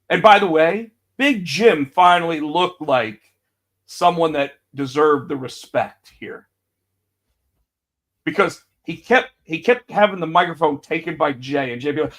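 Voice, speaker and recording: Animated high-voiced man recapping wrestling. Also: unhurried. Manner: animated, acts out quotes with big pitch jumps. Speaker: podcast co-host. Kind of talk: casual wrestling chat.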